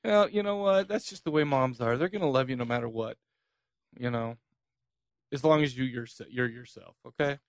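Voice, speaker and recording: A man's voice: mid-range voice, moderate pace, dry recording. A man co-hosting a podcast in casual chat, laughing often and teasing his co-host.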